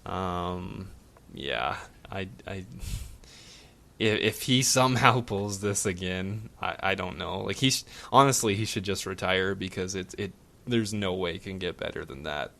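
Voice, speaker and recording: A man co-hosting a podcast, breaking down fights in a laid-back, measured way with frequent fillers. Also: deep voice, vocal fry, bright, forceful tone. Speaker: podcast co-host. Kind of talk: casual sports betting chat.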